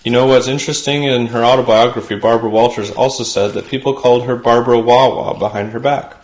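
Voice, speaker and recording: A man's voice: mid-range voice, steady tone, fast. Man delivering a punchy comedy monologue. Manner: punchy joke delivery, chatty asides. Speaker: late-night talk show host. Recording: roomy studio sound.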